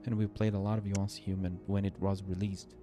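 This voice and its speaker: A man's voice: sits low, level tone, fairly quick. A man from Brazil, sleepily rambling through casual gameplay stream commentary and cutting himself off mid-sentence. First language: Portuguese. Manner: rambling, self-interrupting, chatty. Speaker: game streamer. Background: faint game music.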